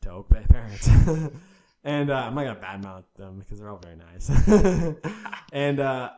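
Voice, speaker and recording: A young man chatting casually on a podcast, laughing as he tells a story, mid-pitched voice. He keeps it loose and playful. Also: lively intonation, moderate pace, mellow. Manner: laughing storyteller, mimics a kid. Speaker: podcast co-host. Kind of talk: casual chat.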